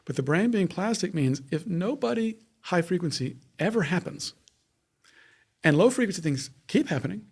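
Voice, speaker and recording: A man's voice: sits high, expressive, normal speed, a little mellow, breathy edge. A man, a neuroscientist guest, explaining his research in a casual interview, with frequent restarts and everyday analogies.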